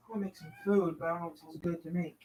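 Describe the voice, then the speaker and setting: A woman's voice: fairly low pitch, fairly even intonation, racing, darkish tone. A woman vlogging at home, rambling and thinking aloud while talking to herself and her cat. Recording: distant mic with faint noise.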